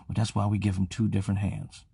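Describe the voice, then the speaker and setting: Gravelly man swearing through a story. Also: on the low side, fast talker, no room sound, clean studio sound. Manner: profane, animated, acts out the voices; greets viewers mid-story. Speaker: host of a live-streamed show. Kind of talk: casual storytelling.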